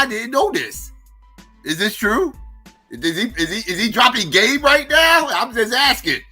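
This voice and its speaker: A man's voice: high voice, bright, forceful tone. A man hosting a livestream, reacting with profane, mocking rhetorical questions. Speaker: livestream host. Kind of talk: live reaction commentary.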